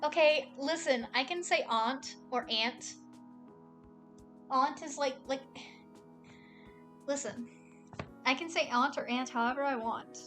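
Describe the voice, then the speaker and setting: A young woman streaming a game, reading the story aloud and chatting, sarcastic and quick to swear. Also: sits high, a bit bright, soft background music.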